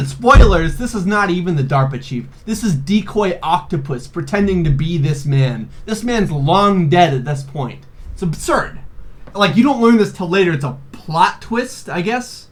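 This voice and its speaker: A man's voice: high-pitched, expressive, a little slow. A man in his twenties recapping a video game in a rambling, profane, joking way, full of fillers and laughs. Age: 20s. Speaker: video host. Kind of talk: casual comedic game recap.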